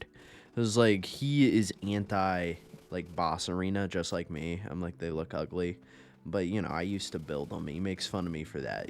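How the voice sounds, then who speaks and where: Deep-voiced young man casually gaming. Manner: rambling, profane, laid-back, laughs often. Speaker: gaming YouTuber. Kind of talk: casual gameplay commentary.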